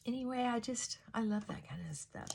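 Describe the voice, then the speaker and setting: A woman's voice: fairly high pitch, creaky, fairly bright tone. A middle-aged woman vlogger chatting casually and reflectively while doing her makeup, rambling and trailing off mid-thought.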